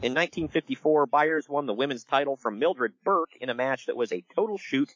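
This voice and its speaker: A man hosting a casual podcast, telling stories in an animated way and laughing along. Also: medium pitch, dry recording, highs cut off. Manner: animated storytelling with laughs and quick impressions. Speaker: podcast host. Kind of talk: casual wrestling podcast chat.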